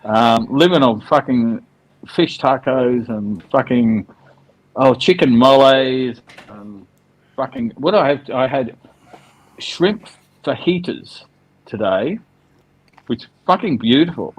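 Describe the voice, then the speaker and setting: A man in loose, casual chat. He swears in nearly every sentence and breaks into laughter often. His voice sits at an ordinary middle pitch. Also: lively intonation, slow, pauses often, low-quality recording. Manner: swears constantly, laughs a lot. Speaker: guest on a livestream. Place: on holiday abroad.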